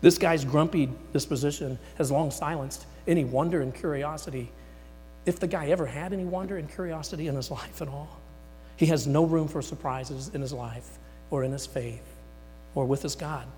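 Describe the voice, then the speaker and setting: A man preaching a sermon, dramatically voicing the words of God and Moses, swinging between loud emphasis and near-whispers. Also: on the high side, moderate pace. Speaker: pastor. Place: church sanctuary. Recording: long hall reverb with mains hum.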